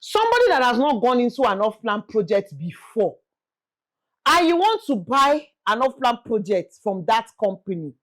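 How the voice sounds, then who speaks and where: A young Nigerian woman with a Nigerian accent, hosting a casual real estate talk, pleading and animated, slipping in Yoruba phrases. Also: fairly high pitch, normal speed. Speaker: real estate vlogger host. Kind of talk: casual chat to camera.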